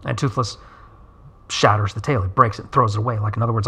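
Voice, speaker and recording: A middle-aged man, an animation director, telling a story in an interview and acting out the characters' lines with sudden pitch jumps. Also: steady tone, quick pace, bright, forceful tone, breathy edge.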